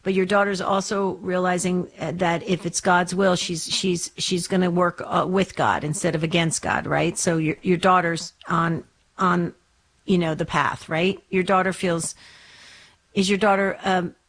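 A woman hosting a religious call-in radio show, chatting and gently asking callers probing questions. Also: lowish voice, flat delivery, a little slow.

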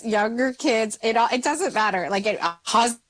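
A woman in her forties, a mindset coach, talking in a casual podcast chat and jumping into quick acted-out asides. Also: on the high side. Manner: animated, lively, jumps into quick acted-out asides.

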